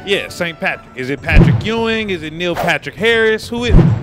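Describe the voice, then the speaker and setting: A man's voice: high-pitched, expressive, fairly quick, loud music behind the voice. A man hosting a man-on-the-street interview, joking and teasing the people he stops outdoors.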